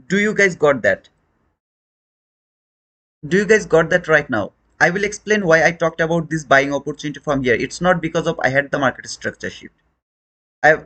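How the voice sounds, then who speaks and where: A man's voice: on the high side, a bit bright. A man teaching a trading lesson on a live stream, questioning viewers and repeating his points in non-native English phrasing.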